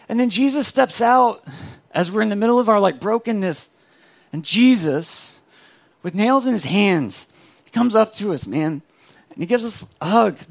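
A young adult man preaching a sermon with a gravelly voice, animated, acting out other voices as he tells the story. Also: high voice. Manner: animated, acts out voices of biblical figures. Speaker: pastor.

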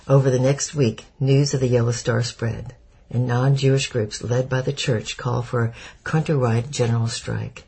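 Male audiobook narrator, gravelly and husky, dark mellow tone, measured pace. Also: medium pitch, steady tone, low-quality recording. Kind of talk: scripted narration.

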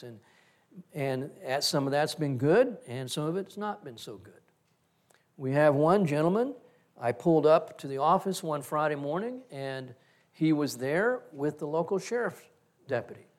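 A middle-aged male pastor giving a reflective, story-driven sermon. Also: on the high side.

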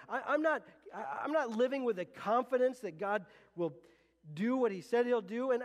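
A man with a notably high-pitched voice preaches to his congregation in an earnest, conversational way, often circling back and restarting his phrases. His voice carries with a long reverb from the church hall around him. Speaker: pastor. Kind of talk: sermon. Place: church sanctuary.

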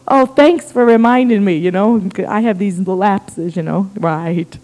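Animated woman preaching in a church hall. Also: medium pitch, measured pace, few pauses. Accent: American. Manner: animated, humorous, conversational. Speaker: missionary guest speaker. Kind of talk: storytelling sermon. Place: church sanctuary.

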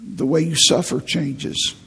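Raspy, gravelly-voiced preacher man. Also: fairly high pitch, slow pace. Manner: folksy, animated preaching with repeated words. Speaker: pastor. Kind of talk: sermon.

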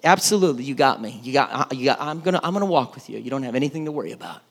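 A man voicing God, reassuring Moses in a quick, breezy way, in a lower voice than his own. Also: expressive, in a large hall.

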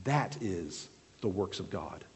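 Brief: unhurried man preaching a sermon, very animated pitch, long hall reverb. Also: slightly rough. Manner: expressive, questioning, explains verse by verse.

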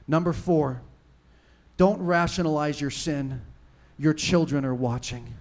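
A man preaching a sermon with passion, moving from hushed talk to shouting and reading scripture with dramatic emphasis. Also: a little high, normal speed. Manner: impassioned, swinging from hushed to shouting. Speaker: pastor.

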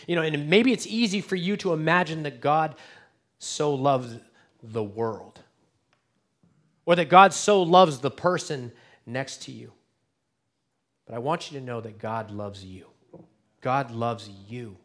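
A man preaching an Easter sermon as pastor, earnest and direct, dropping to a hush and then rising to emphatic appeals. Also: a little high, expressive, measured pace, long pauses. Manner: earnest, dynamic swings between hushed and emphatic. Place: church sanctuary.

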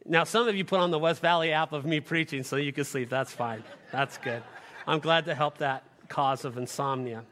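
Bright-voiced male pastor preaching in a hall. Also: fairly high pitch, normal speed, slight background noise. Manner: dynamic preaching, swinging from loud to hushed. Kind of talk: sermon. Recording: live sermon in a reverberant hall.

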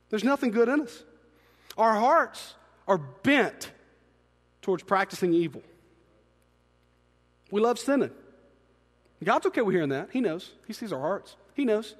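A man preaching a sermon, animated, swinging between hushed asides and loud emphatic peaks. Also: high voice, a little slow, long pauses. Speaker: pastor. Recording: long reverb in a large hall.

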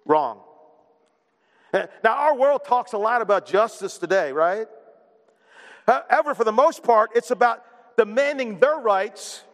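A man preaching a sermon as a pastor, animated and asking his listeners questions along the way. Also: very high-pitched, big-room sound. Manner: animated, asks the congregation questions.

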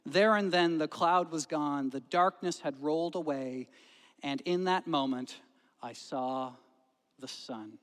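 Pastor preaching in an echoing hall. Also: male voice, on the high side, slow. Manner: storytelling, swings from loud to hushed. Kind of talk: sermon. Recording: long hall reverb.

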